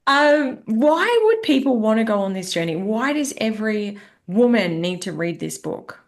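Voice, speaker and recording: A woman hosting a podcast, asking questions slowly and laughing easily. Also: a little high, big pitch swings. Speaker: podcast host. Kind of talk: podcast interview.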